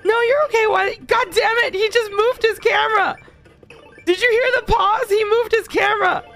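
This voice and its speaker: Giggly high-pitched woman streamer. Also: fairly even intonation, normal speed, fairly bright tone, faint music behind. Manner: playful, giggly, teasing teammates. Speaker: VTuber streamer. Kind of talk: casual gaming stream chat.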